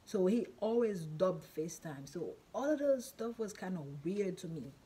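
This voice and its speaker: A woman vlogger chats through a storytime, rambling along with lots of "like" and restarts. Her voice sits on the low side, with a faint hiss of noise in the background. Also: animated, normal speed, mellow. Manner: chatty, rambling, many fillers and repeats. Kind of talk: casual storytime.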